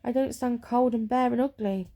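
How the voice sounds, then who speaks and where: A woman soft-voicing a proud fir tree in whispered role-play. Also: on the high side, steady tone, normal speed, close to an everyday voice. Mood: boastful. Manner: grumbling, self-pitying. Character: proud boastful fir tree, later humbled.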